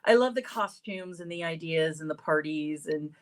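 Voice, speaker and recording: A woman's voice: low-pitched, normal speed. A woman co-host giving a casual, earnest closing thought on a sports talk show.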